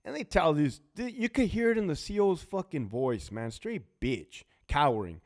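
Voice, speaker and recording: A blunt, profane man with a Californian accent tells stories from his years as a prison officer. His pitch swings widely as he mimics the people in his tales, and his voice sits a little above the usual for a man. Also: sing-song, moderate pace, few pauses, darkish tone. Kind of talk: profane storytelling monologue.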